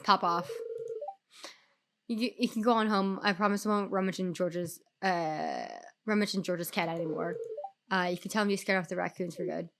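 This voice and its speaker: A woman's voice: fairly low pitch, steady tone, moderate pace, fairly bright tone, slight background noise. A sick-sounding woman reading a shy, defensive wild man from a game aloud in her own voice, with restarts. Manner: plain read-aloud with restarts.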